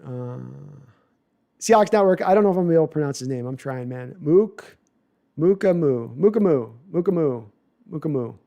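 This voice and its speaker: A man hosting a casual live stream, reading viewer comments aloud and answering them with quick asides and self-corrections. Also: a little high, lively intonation, dark tone, smooth, highs cut off. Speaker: livestream host answering viewer chat. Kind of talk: casual live chat about football.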